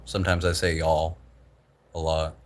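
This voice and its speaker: A young livestream host from the Southern United States rambles in a laid-back, profane way with a slight Southern drawl. His voice sits low and a bit bright, at normal speed.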